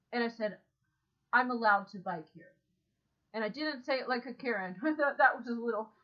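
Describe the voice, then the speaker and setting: A woman telling a story in a casual vlog, speaking calmly and matter-of-factly with frequent pauses. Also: on the high side. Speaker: vlogger. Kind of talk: casual first-person vlog monologue. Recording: dull lo-fi sound.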